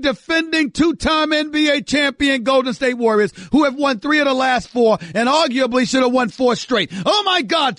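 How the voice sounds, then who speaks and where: A male sports radio host with a very high, bright, forceful voice, recorded dry and close in a studio. He rants emphatically, circling back on the same phrases for effect. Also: no room sound. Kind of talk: sports talk radio monologue.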